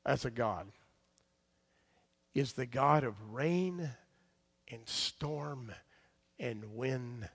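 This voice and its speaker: Animated male preacher telling a story. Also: medium pitch, extremely slow, long pauses, slightly rough. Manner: animated storytelling, swinging from loud emphasis to soft asides. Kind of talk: sermon.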